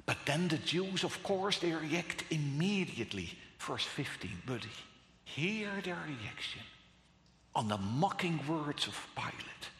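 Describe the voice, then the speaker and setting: A man preaching a sermon, dramatic and emphatic, swinging between loud and hushed delivery. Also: fairly high pitch, animated. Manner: slow and emphatic, with long pauses. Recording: echoey hall.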